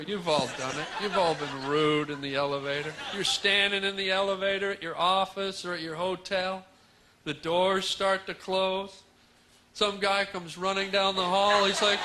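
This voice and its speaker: A man's voice: high-pitched, steady tone, moderate pace. A man performing a stand-up comedy set on stage, rambling in a mock-sincere way with absurd nonsense wordplay. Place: comedy stage before a live audience. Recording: live stage recording with audience noise.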